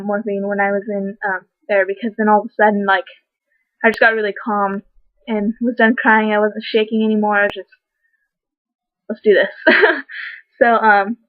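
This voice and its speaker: A woman's voice: fairly high pitch, dry recording. A young woman telling a long personal story in a casual vlog, rambling with lots of fillers. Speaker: vlogger. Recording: dry tinny phone-like sound.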